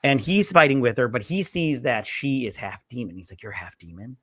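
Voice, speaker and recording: A man talks through a film plot in a loose, rambling way, now and then acting out the characters' lines with a curse or two. His voice is bright, and the recording is dry and close. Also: medium pitch, sing-song, moderate pace, dry recording. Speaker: podcast co-host. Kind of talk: casual recap chat.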